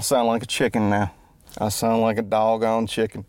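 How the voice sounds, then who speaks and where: Rambling, joking man with a low voice. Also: level tone, normal speed, gravelly, a little mellow, no echo. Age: adult, grew up before the internet. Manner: joking, self-deprecating, loses his train of thought. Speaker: musician and entertainer. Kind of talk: rambling self-introduction monologue. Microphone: close mic.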